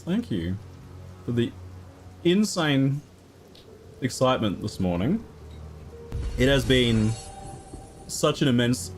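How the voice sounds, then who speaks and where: A man casually chatting on a live stream, laughing often and thanking viewers by name. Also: on the low side. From Australia. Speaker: game streamer.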